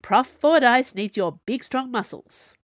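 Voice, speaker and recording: A woman voicing a brisk, teasing young woman student in an audiobook. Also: fairly high pitch, no echo, clean studio sound, voice pushed up, close to an everyday voice.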